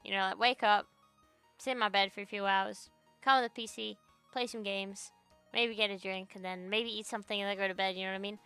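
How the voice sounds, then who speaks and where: This young Australian VTuber, streaming from her home computer, rants and rambles with swearing in casual livestream chat. Her mid-range voice is sharp yet smooth, steady in tone and fairly quick. The recording is dry, with soft music in the background.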